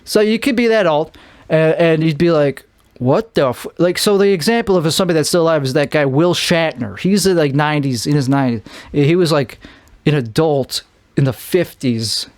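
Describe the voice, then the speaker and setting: A man's voice: a little high, brisk, no room sound. A man from Chicago with a Chicago accent, rambling through a solo podcast monologue, often restarting and trailing off. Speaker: podcast host.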